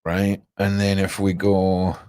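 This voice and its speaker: Rambling low-voiced male streamer. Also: monotone, takes it slowly, a little mellow, no room sound, clean studio sound. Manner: rambling, cryptic, chats to viewers. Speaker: livestream host. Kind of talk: casual livestream commentary.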